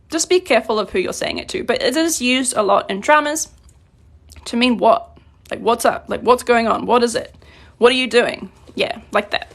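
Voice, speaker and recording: Young woman, high-pitched, casual language teacher: says the example, translates it, loose and chatty. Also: gravelly, a bit bright. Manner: explains plainly with many fillers, reads Korean examples then translates. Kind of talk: casual grammar lesson.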